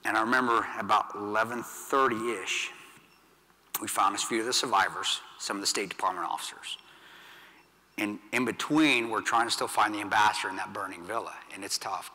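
A blunt middle-aged man telling a war story from a stage, his voice bright and forceful. His delivery swings from loud to hushed, with long reverb trailing through a big event hall. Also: on the low side. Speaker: keynote speaker, veteran. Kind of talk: storytelling speech to an audience.

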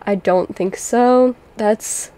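A woman's voice: fairly high pitch, slow, warm tone, no room sound. A woman chatting casually to her viewers about game lore, with lots of fillers and asides to the audience. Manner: chatty, filler-heavy, keeps addressing viewers. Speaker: gaming video creator.

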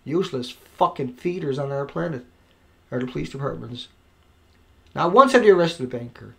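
A man recording an angry, profane rant to camera, swinging between yelling and quiet muttering. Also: mid-range voice, lively intonation, moderate pace, gravelly. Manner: profane, shouting and then dropping to quiet. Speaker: video blogger. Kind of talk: angry ranting monologue. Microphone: home recording mic.

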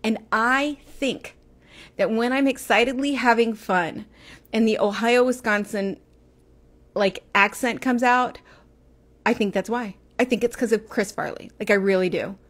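A woman in her forties hosts her own livestream, talking casually into her phone or webcam. Her voice sits a bit higher than most. She rambles in a chatty way and often restarts a sentence to correct herself. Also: unhurried. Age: 40s. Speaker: livestream host.

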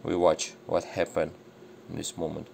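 A man's voice: sits low, monotone, normal speed, creaky, darkish tone, a little hiss or hum. A man with Russian as his first language shows his home plants in casual broken English, mixing in Indonesian and Arabic words. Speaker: gardening vlogger. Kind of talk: casual garden walkthrough.

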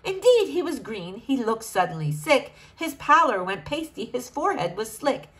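A woman reading a rhyming children's storybook aloud in an expressive, sing-song way. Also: on the high side, moderate pace, breathy edge, poor audio.

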